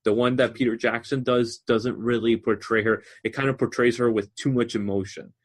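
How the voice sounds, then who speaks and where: A man's voice: mid-range voice, fairly even intonation, normal speed. A man co-hosting a podcast in casual chat, animatedly explaining book lore at length. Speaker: podcast co-host.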